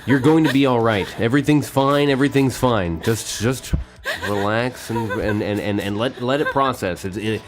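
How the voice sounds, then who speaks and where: A man's voice: medium pitch, moderate pace, noisy background. A man playing a tabletop game in character, reassuring others in a stammering, soothing way. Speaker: player. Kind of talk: in-character tabletop role-play.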